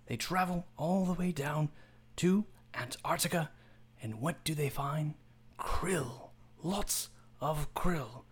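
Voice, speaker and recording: A man doing a hushed, awed old nature narrator. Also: a little high, slightly rough, pitched above the performer's own voice. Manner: hushed, reverent, dramatic pauses. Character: elderly male wildlife documentary narrator, hushed and awed. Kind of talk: impression of a nature documentary narrator.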